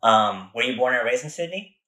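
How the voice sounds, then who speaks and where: A man's voice: medium pitch, expressive, brisk, sharp tone. A young man with an American accent hosting a podcast, chatting in a laid-back, joking way with casual swearing. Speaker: podcast host. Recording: echoey room.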